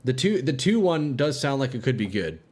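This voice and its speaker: Male streamer, young adult, animated pitch, foul-mouthed live chat. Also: a little fast. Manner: swears a lot, laughs and rambles to chat. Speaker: game streamer. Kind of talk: live gameplay chat with viewers.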